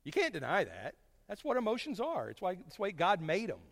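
A man preaching a sermon to his congregation, folksy and storytelling, swinging from loud to hushed. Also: high voice, wildly swooping pitch, brisk, creaky, long reverb tail.

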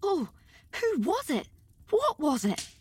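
A woman voicing an excited, imaginative young girl who speaks rapturously and with lofty dignity. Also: on the high side, normal speed, no echo, close to an everyday voice. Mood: frightened.

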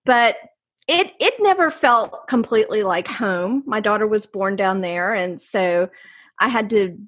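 Middle-aged woman, North Carolina Southern accent, animated interview storyteller, medium pitch. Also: a little slow. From North Carolina, USA. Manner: animated, jumps into voices when quoting people. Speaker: guest.

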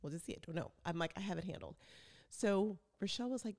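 Chatty gravelly-voiced woman. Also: fairly low pitch, fast talker. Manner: chatty, animated storytelling with quoted voices. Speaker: podcast host. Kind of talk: casual chat.

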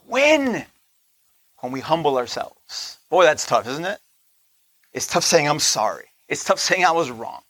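A high-pitched man delivers a sermon in a casual, conversational way, constantly asking his listeners "right?" His voice is bright and forceful. He slows down to stress a point and sometimes drops almost to a whisper, and the sound is dry and close. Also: sing-song, dry recording. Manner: slows down to stress points, laughs between lines. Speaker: teacher of a Torah portion.

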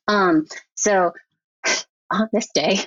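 Woman, guest editor, animated anecdote style, mid pitch, dry and slightly dull audio. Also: very slow, dry recording. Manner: animated, chatty, heavy use of "like". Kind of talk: casual storytelling interview.

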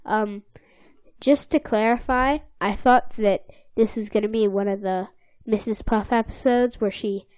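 A woman's voice: mid-range voice, fairly even intonation, a little slow, darkish tone, clean tone, dry recording. A woman co-hosting a podcast, chatting casually and playfully, sometimes slipping into silly voices. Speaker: podcast co-host. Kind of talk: casual chat recapping a cartoon episode.

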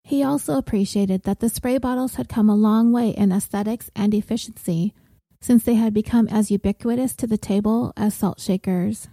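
A woman reading a novel aloud as narrator, in a measured, gentle storytelling manner. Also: mid-range voice, no echo. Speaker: audiobook narrator. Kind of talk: scripted narration.

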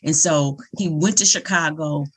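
A woman's voice: low voice, moderate pace, fairly bright tone, husky. A middle-aged woman hosting a podcast interview, talking in an earnest, encouraging way and telling a family story. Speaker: podcast host. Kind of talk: casual interview conversation.

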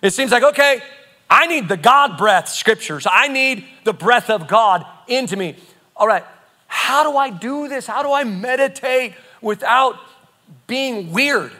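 A man preaching a sermon, emphatic and animated, often repeating phrases as he teaches. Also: very high voice, measured pace. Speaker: pastor.

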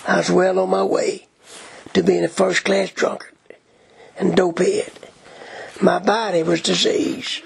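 A man giving a dramatic first-person gospel tract reading, solemn, measured and pleading in the manner of a preacher. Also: high-pitched, creaky, husky.

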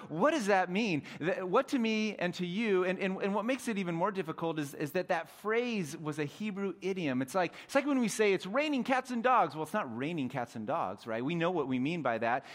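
A young adult man preaching a sermon as pastor, animated, dropping to soft intimate tones at times. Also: fairly high pitch, brisk.

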